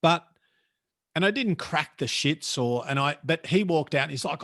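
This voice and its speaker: A man's voice: on the high side, expressive, moderate pace, a bit bright, no room sound, studio quality. A man with an Australian accent, a professional speaker telling a story as a guest in a casual chat, blunt and colloquial.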